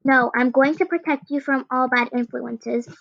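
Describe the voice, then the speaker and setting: Teen girl doing an obsessive shy girl, high voice, flat, insistent, dry lo-fi sound. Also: moderate pace, gravelly, dry recording. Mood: possessive.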